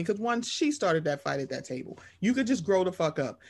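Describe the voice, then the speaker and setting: A woman's voice: lowish voice, sing-song, brisk, darkish tone, husky. Sassy, profane woman co-host. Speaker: podcast co-host. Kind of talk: casual reality TV recap.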